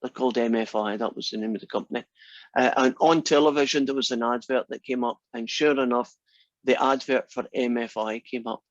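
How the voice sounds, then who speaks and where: A man's voice: mid-range voice, no echo. A man, a math instructor, telling a long rambling anecdote to his class. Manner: rambling, animated storyteller. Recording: dull, dry lo-fi classroom recording.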